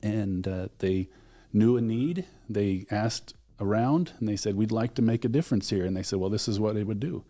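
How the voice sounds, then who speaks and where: A man's voice: fairly low pitch, normal speed, warm tone. A man being interviewed as an alumni relations director, earnestly retelling events with quoted dialogue. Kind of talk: radio interview guest.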